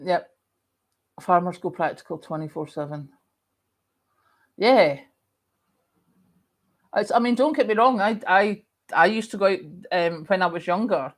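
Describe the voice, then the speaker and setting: Woman, Scottish accent, middle-aged, lowish voice, chatty livestream host, slight cough. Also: measured pace, long pauses. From Scotland. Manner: chatty, animated storytelling. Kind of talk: casual chat reading viewer comments.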